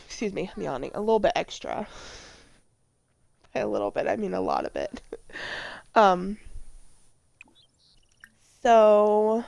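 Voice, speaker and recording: A woman's voice: medium pitch, big pitch swings, unhurried, creaky, long pauses, a little mellow, no room sound. A woman giving casual, rambling commentary over a life-sim game, telling personal stories, swearing casually and exclaiming at what happens on screen. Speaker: let's play vlogger.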